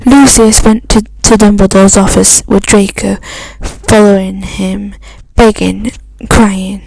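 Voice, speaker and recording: A woman's voice: medium pitch, steady tone, vocal fry, a little mellow, dry recording, rough recording. A woman reading a fan story aloud, stumbling and restarting often. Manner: halting reading with frequent restarts. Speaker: fan fiction reader.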